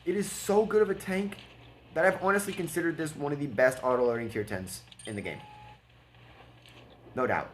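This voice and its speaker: A man's voice: a little high, normal speed, pauses often, slight background noise. A man giving casual, blunt commentary over a gameplay replay, mocking and laughing at his opponent. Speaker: gaming video creator.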